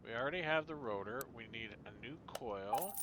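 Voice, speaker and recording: A man's voice: mid-range voice, animated, normal speed, noisy background. A middle-aged man streaming a game, explaining engine repair to viewers in a chatty, knowing way. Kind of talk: casual gameplay commentary.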